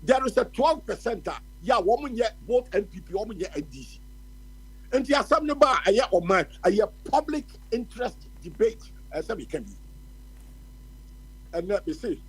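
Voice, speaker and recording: A man's voice: high voice, animated, moderate pace, husky, poor audio. A man with a Ghanaian accent giving impassioned political commentary on the radio, switching between Twi and English. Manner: impassioned, ranting. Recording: radio phone-in stream.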